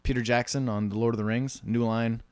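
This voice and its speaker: A man speaks at a middle pitch and chats casually about the movie business. He tells his stories in an animated way, often breaking into voices for the people he quotes. The sound is dry and close. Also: brisk, clean tone, no echo. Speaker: podcast co-host.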